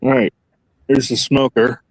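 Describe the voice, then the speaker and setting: An easygoing man calls into a live stream from outdoors. His voice is dry and close, with no room echo. His pitch sits in an ordinary middle range for a man. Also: little pitch movement, measured pace, gravelly, husky. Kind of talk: casual chat. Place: outdoors beside a smoker.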